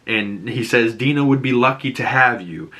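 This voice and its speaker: A man's voice: moderate pace, bright, forceful tone. A man with a Boston accent giving an emotional, swearing, casual recap of a TV episode, acting out the quotes. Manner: emotional, swears, acts out quotes with rising pitch. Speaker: TV show reviewer.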